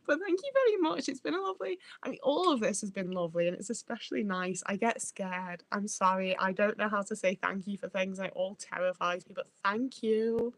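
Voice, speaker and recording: A woman chats casually to her livestream audience, sweary and meandering, often stopping to find her words. Her voice sits at an ordinary middle pitch, and the sound is close and dry with no room echo. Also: expressive, brisk, a bit bright. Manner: rambling, sweary, self-interrupting. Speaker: livestream host. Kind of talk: casual live-chat rambling.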